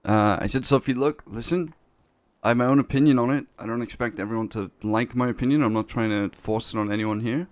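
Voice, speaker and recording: A man's voice: mid-range voice, fairly quick, dry recording, natural voice. A man playing a blunt, defensive male boss who swears freely, does not speak English natively, and keeps restarting his words. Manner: profane, blunt, self-justifying, restarts words. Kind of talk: in-character role-play talk.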